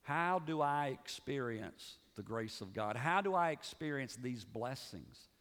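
Male pastor, mid-pitched, dramatic sermon delivery with hushed drops, recorded in a big reverberant sanctuary. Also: animated, a little slow. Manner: dramatic, swings from raised emphasis to hushed low delivery. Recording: long reverb of a large hall.

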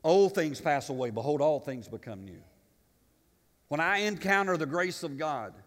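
Impassioned preacher in a reverberant church. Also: male voice, on the high side, lively intonation, moderate pace. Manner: impassioned, swings between loud declarations and quiet asides. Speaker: pastor. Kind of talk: sermon. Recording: long reverb of a church sanctuary.

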